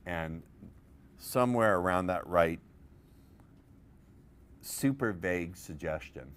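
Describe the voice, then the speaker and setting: A man's voice: low voice, takes it slowly, fairly bright tone, clean tone. A man presenting a live seminar on persuasion, playful and profane, quizzing his audience with questions.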